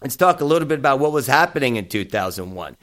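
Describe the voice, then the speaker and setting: A man's voice: mid-range voice, big pitch swings, fast, fairly bright tone. A middle-aged man hosting a podcast, giving blunt, profane opinion commentary in a casual style. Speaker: podcast host.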